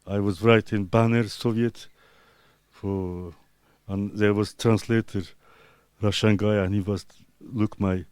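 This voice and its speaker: Low, smooth-voiced man in halting English. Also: fairly even intonation, a little mellow, no room sound. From Azerbaijan. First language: Talysh. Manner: halting broken English with many pauses and fillers. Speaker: artist being interviewed. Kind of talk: casual interview answers.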